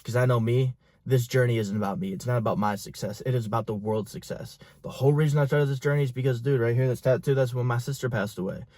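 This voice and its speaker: A young man in a small, dry room talks straight at the listener like a coach pushing a client. His mid-pitched voice is blunt and full of swearing, and he urges change hard and without letting up. It is a close, dead recording with no room sound around it. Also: fairly even intonation, quick pace, darkish tone, no echo. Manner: intense, profane, pushy motivational talk. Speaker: fitness and business coach. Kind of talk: motivational talk to camera.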